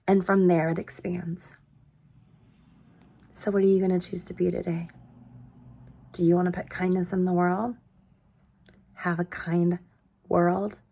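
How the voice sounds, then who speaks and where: In a lowish voice, a woman in her thirties gives an earnest parenting pep talk to camera as a vlogger. She questions her viewers directly and now and then drops into soft, breathy asides.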